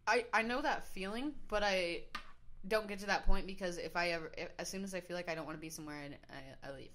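A woman co-hosting a podcast in casual chat, quick and teasing as she talks. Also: on the low side, fairly bright tone, a little hiss or hum. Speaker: podcast co-host.

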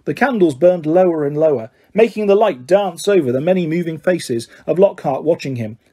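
A man narrating a storybook in a steady, even storytelling manner. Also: on the high side, normal speed, breathy edge. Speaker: audiobook narrator.

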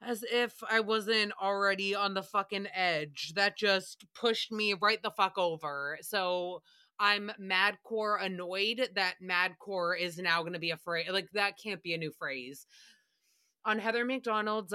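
A woman hosting a podcast, recapping a radio show in a casual, sarcastic and profane way, often breaking into loud laughs. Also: mid-range voice, a little slow, smooth, dry recording, clean studio sound.

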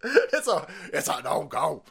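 A man's voice: a little high, wildly swooping pitch, unhurried, vocal fry, fairly bright tone, breathy edge. A man ranting on his stream as a political commentator, foul-mouthed, sarcastic and mocking. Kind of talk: profane political rant on a stream.

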